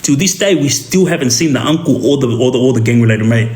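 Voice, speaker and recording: A man with an Australian accent telling a street story in a casual, animated way, often checking in with the listener. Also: mid-range voice, fast. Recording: roomy echo.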